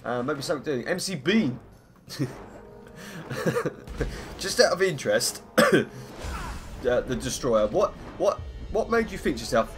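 A man with a croaky voice chatting through live gameplay commentary, greeting viewers and humming between lines. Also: medium pitch, very animated, unhurried, long pauses, over music. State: hoarse, croaky voice. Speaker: game streamer. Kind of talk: live gameplay commentary, reading chat aloud.

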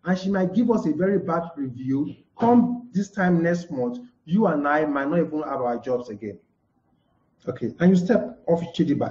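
A man's voice: a little high, mellow. A man teaching a live-streamed lesson, who keeps saying "okay" and answers his own questions. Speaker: communication trainer. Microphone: live broadcast mic. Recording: dull echoey room.

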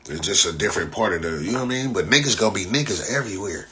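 Casting a deep, punchy LA guy: profane, mocking livestreamer who rambles through stories. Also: expressive, rapid-fire, pushed and bright. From Los Angeles. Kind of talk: casual live-stream chat.

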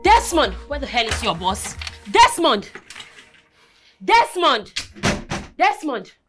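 A fiercely protective Nigerian woman with a high, swooping voice, cutting and sarcastic. She talks down a bully with open scorn. Film score hums faintly behind her. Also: big pitch swings, normal speed, over music. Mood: furious. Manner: confrontational, sarcastic, sharp. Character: bold, fiercely protective young woman friend. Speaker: protective friend confronting an abusive husband. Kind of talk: film acting.

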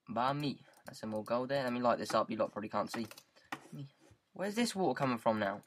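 A man's voice: medium pitch, expressive, quick pace, a bit bright. A man with a British accent giving casual, rambling gameplay commentary into a headset mic, goofing around and repeating words in silly riffs. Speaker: gaming YouTuber.

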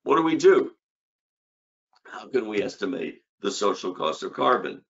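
A man's voice: fairly low pitch, big pitch swings, normal speed, lo-fi sound. An older man giving an academic conference lecture on economics, emphatic, with rhetorical questions and punchy repeated short phrases.

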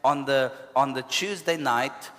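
South African pastor preaching in a reverberant hall. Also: male voice, mid-range voice, measured pace. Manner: animated, punctuated with hallelujahs and asides. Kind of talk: storytelling sermon.

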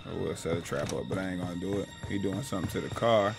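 A man, giving loud, playful trash-talking commentary over his gameplay, with sudden excited cries. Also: low-pitched, quick pace, vocal fry, music in the background, low-quality recording. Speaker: gaming streamer.

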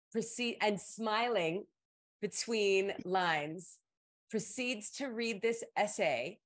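Hosting an advice stream, a middle-aged woman chats casually as she tells a story, switching to high-pitched voices to quote what people said.

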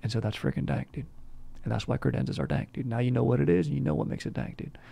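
A man's voice: medium pitch, fairly even intonation, fast, vocal fry, dark tone, slightly rough. A young man hosting a comedy podcast, chatting casually in bro slang and saying "dude" all the time. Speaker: podcast host.

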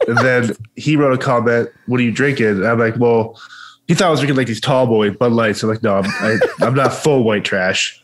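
A man's voice: mid-range voice, brisk, a little hiss or hum. Easygoing man co-hosting a podcast. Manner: joking, easygoing storyteller. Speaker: podcast co-host. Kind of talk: casual podcast chat.

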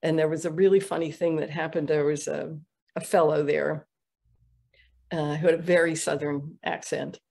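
Gravelly-voiced woman, halting storyteller. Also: deep voice, level tone, darkish tone. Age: middle-aged. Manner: halting, many fillers and restarts. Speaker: interview guest, Ayurvedic practitioner. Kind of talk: conversational storytelling.

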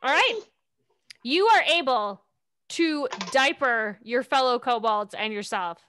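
A woman's voice: high voice, lively intonation, slow pace, bright, forceful tone, slight background noise. A woman narrating a tabletop game as its game master, playful and amused.

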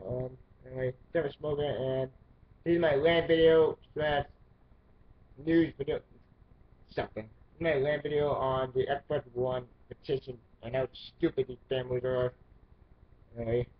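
A man delivering an angry, profanity-filled gaming rant to camera, exasperated and breaking into loud outbursts. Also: fairly high pitch, lo-fi sound, slight background noise. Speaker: video creator.

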